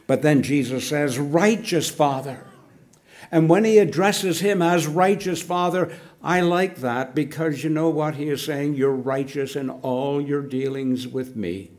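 An older man preaching a sermon, swinging from loud emphasis down to hushed, near-whispered words. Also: fairly high pitch, a little slow.

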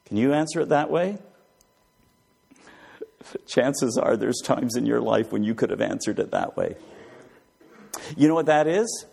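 Animated husky male preacher. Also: mid-range voice, a little slow, long pauses. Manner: animated, rhetorical questions to the congregation. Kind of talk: sermon.

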